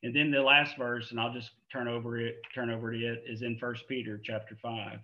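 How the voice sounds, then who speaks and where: A man's voice: medium pitch, level tone, brisk, pushed and bright, slight background noise. A middle-aged man preaching a sermon in a conversational, earnest way, often repeating phrases for emphasis. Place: church sanctuary. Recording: dull lo-fi church recording.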